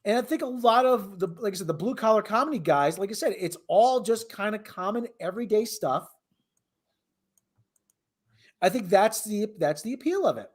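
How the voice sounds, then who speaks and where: A man's voice: sits high, expressive, normal speed. A man hosting a podcast, giving sardonic, rambling commentary with frequent restarts. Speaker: podcast host. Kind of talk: casual commentary chat.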